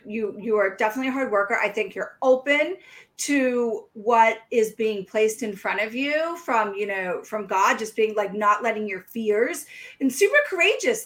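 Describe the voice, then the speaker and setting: A woman's voice: fairly high pitch, fairly bright tone. A woman hosting a podcast, chatting casually with a guest, encouraging and reflective, with frequent restarts. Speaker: podcast host. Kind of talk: casual interview chat.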